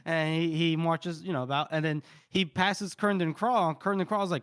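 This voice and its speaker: A man's voice: fairly high pitch, fairly even intonation, normal speed, fairly bright tone, clear, resonant tone. A man co-hosting a podcast, casually recapping a book chapter and swearing freely as he jokes his way through it. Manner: loose and joking, acting out quoted lines and swearing freely. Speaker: podcast co-host recapping a fantasy novel. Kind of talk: casual chat.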